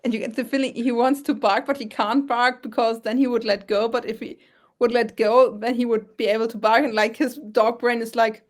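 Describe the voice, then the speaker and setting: A woman running a tabletop game as game master, describing scenes in a chatty, halting way. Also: fairly high pitch, steady tone.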